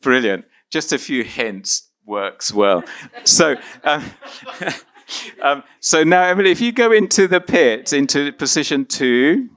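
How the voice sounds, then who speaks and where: A man's voice: a little high, expressive, slow pace, fairly bright tone. A man from Argentina leading an interactive teaching workshop, upbeat and encouraging as he coaxes volunteers along.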